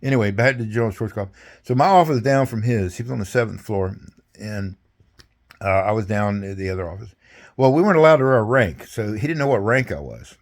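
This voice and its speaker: A man's voice: on the low side, lively intonation, quick pace. An older man recounting his service in a rambling, folksy way, speaking casually over a video call. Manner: rambling, folksy, salty, chuckling. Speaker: veteran interviewee. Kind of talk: casual storytelling interview.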